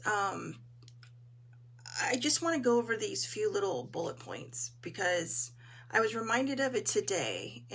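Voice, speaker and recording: A woman hosting a casual live talk, her voice hoarse as she chats in an encouraging way and greets viewers. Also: lowish voice, a bit bright, slight background noise. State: hoarse, clearing her throat. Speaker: host.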